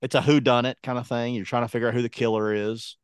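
A man's voice: medium pitch, fast, smooth, no room sound, clean studio sound. A man co-hosting a podcast, casual and jokey, acting out quotes as he tells stories. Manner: animated, jokey storytelling with acted-out quotes. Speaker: podcast co-host. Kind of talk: casual chat.

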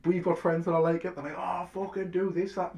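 A young man co-hosting a podcast, blunt and sweary, giving quick reactions in a casual chat. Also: high voice, flat delivery, darkish tone. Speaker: podcast co-host.

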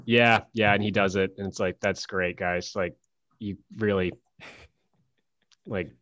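A man's voice: on the low side, fairly even intonation, a little slow, fairly bright tone. A man co-hosting a podcast, rambling casually with lots of filler words and swearing. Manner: rambling, profane, full of "like" fillers. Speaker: podcast co-host. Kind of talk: casual chat. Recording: dull dry sound from farther off the mic.

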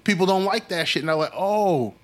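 Animated Brooklyn man telling stories. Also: high voice, very fast, a little hiss or hum. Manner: animated storyteller, slangy, acts out quotes. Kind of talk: casual chat.

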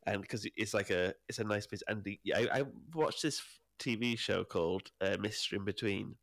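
A young man, co-hosting a podcast, chatting casually, reacting quickly and laughing a lot. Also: on the low side, vocal fry, a bit bright, dry recording, studio quality. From Wales. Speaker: podcast co-host. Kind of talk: casual chat.

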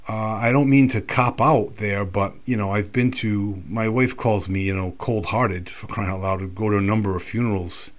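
A man's voice: fairly low pitch, fairly even intonation, moderate pace, hardly any pauses. A man talking casually in a rambling, reflective monologue, full of fillers and restarts.

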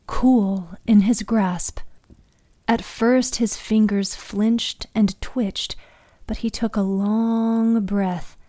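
A woman narrates scripted fiction in a measured, unhurried reading. Her voice is warm and dark in tone. The recording is dry, with no room echo. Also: mid-range voice. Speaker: podcast storyteller.

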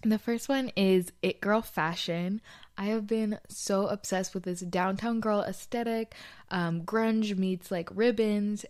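Speaking from a small bedroom, this podcast host is a young woman whose voice sits on the low side and sounds somewhat dark. Her solo show is casual and confessional, full of chatter and frequent "like"s.

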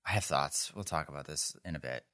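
Bright-voiced man chatting casually. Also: extremely low pitch, fairly quick. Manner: rambling, frequent "like", acts out quotes. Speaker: podcast co-host. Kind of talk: casual chat recapping a TV episode.

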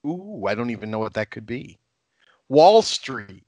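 A man hosting a podcast in easygoing chat, pitch sitting in the middle. He drifts through fillers and laughs readily. The sound is close and dry, with no room around it. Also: very animated, unhurried, darkish tone, dry recording. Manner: laid-back, laughs often, many fillers. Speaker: podcast host.

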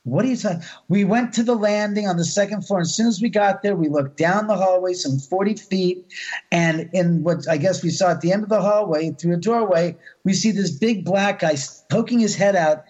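A man telling a ghost story in an interview, excitable, acting out voices and repeating words as he goes. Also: high-pitched, moderate pace. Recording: dull lo-fi audio.

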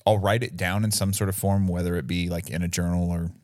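A man's voice: deep voice, level tone, quick pace, darkish tone, dry recording. A man co-hosting a podcast, making dry jokes in casual chat before laying out his own topic. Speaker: podcast co-host.

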